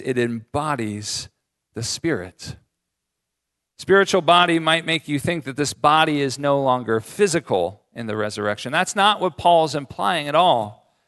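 A man in his thirties delivers a sermon, his voice sitting a little higher than most men's. He preaches in an easygoing, conversational way and slips in jokes as he talks. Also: a bit bright. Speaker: pastor.

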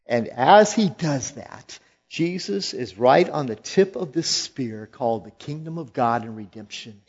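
Brief: male preacher, slow, dramatic delivery, pitch swinging widely, slightly muffled lo-fi sound. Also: animated. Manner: slow, emphatic, swelling to loud quoted lines. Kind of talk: sermon.

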